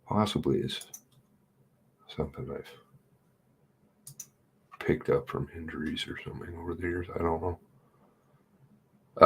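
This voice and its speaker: A middle-aged man talks through a livestream in loose running commentary, blunt and sarcastic. His voice sits very low and sounds husky and rough. He swears without a second thought. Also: fairly even intonation, a little slow, long pauses.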